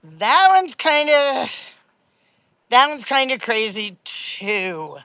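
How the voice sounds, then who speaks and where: A woman's voice: high voice, expressive, slow, fairly bright tone, smooth, no room sound. A middle-aged woman from Louisiana hosting a live political commentary stream, chatty and sarcastic, with many fillers and restarts.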